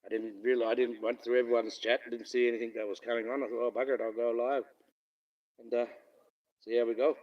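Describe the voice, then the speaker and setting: A man's voice: medium pitch, little pitch movement, fast, far from the mic, muffled recording. Rambling man on a phone stream. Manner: rambling, swears freely, laughs often. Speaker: livestream host. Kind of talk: casual live-stream chat. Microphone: phone camera.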